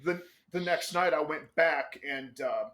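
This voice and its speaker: A man chatting casually as a guest, rambling through a story with plenty of "uh"s and offhand swearing. His voice sits a little higher than most men's. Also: measured pace, a bit bright. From United States.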